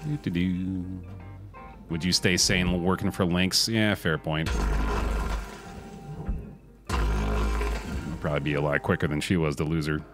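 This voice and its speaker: A man's voice: low-pitched, measured pace, long pauses, music in the background. A man streaming a video game from home, laid-back and cursing as he reacts aloud. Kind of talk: casual live-stream gaming commentary.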